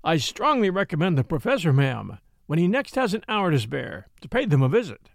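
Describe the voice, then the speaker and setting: A man voicing a polite, oblivious male doctor in a storybook reading, talking loudly and cheerfully. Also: a little high, big pitch swings, a little fast, vocal fry, no echo, clean studio sound. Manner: loud, cheerful and overly polite.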